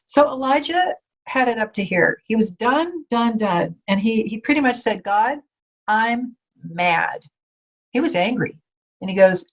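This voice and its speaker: A woman speaking as a podcast guest, telling faith stories in lively conversation and acting out the voices she quotes. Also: fairly high pitch, measured pace, slightly rough. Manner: animated storyteller, acts out quoted voices.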